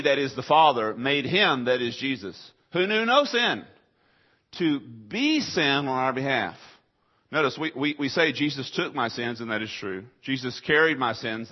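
A man preaching a sermon, emphatic and shifting between loud declarations and hushed asides. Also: medium pitch. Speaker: pastor. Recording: dull lo-fi sound.

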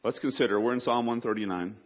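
A man's voice: mid-range voice, quick pace, muffled recording. A male pastor preaching a sermon, raising his voice on the scripture quotes.

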